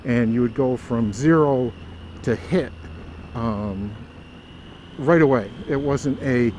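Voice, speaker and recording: A man's voice: mid-range voice, slow pace, pauses often, a little mellow, slight background noise. A man vlogging about his motorcycle in a casual, hesitant way, with many fillers and restarts. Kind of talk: casual talk to camera.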